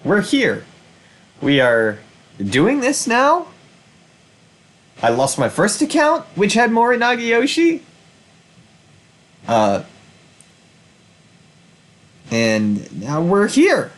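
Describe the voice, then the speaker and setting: A man's voice: sits high, huge pitch swings, extremely slow, pauses often. A man hosting a let's-play, talking in a frustrated, rambling way and swearing often. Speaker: gaming channel host. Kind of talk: casual let's-play commentary.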